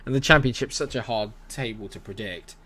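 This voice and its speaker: A young man talks through a live game stream. His voice sits a bit low. He rambles cheerfully and breaks off to answer chat messages. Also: brisk, sharp tone. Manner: chatty, rambling, reads chat aloud and answers it. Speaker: gaming streamer. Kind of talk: casual live-stream commentary.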